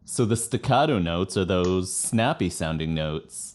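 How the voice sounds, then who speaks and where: A man's voice: low voice, lively intonation, a little slow, few pauses, a little mellow, soft background music. A man reviewing a rock song and explaining singing in a casual, self-deprecating way. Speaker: rock singer reviewing songs. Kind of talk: music reaction commentary.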